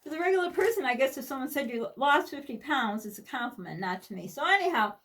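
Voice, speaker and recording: A woman's voice: high-pitched, animated, fast, a bit bright, distant mic, slight background noise. A middle-aged woman from the United States, talking candidly and rambling in a personal vlog, with many restarts and asides. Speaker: vlogger.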